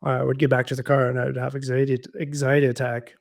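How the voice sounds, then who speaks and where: A man's voice: mid-range voice, level tone, fast, creaky. Reflective man telling his story. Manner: reflective, with frequent fillers and restarts. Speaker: podcast guest in recovery. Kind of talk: casual conversational storytelling.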